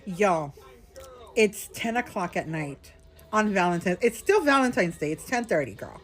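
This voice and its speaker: A woman's voice: lowish voice, big pitch swings, moderate pace. A tipsy woman venting to her viewers from a hotel room in a casual storytime vlog, chatty and calling them girl and y'all. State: a little tipsy. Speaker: vlogger.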